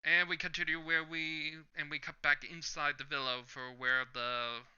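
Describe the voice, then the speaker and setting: A man's voice: on the high side, little pitch movement, normal speed, bright, forceful tone, clear, resonant tone. A man hosting a manga reaction video, describing each panel in turn and reading the lines aloud in a casual way, in a slightly dull lo-fi recording. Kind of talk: casual manga read-along commentary.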